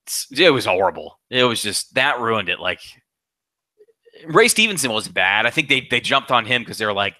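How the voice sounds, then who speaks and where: A man co-hosting a casual movie chat, excitable and profane, often stumbling and restarting. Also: fairly low pitch, normal speed, dry recording. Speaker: podcast co-host.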